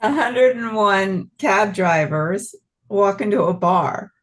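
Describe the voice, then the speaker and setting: A woman's voice: medium pitch, lively intonation, takes it slowly. A woman telling improvised bar jokes on a video call in a plain, matter-of-fact way. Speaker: improv player.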